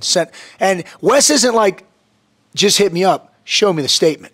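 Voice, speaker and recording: A man as a podcast guest in casual chat, telling stories in an intense, profane, animated way. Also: high-pitched, unhurried.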